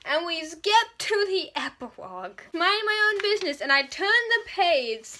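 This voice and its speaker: A woman's voice: extremely high pitch, sing-song, moderate pace, noisy background. A young woman reviewing a book in a casual vlog, gushing and dramatic as she acts out her own reactions.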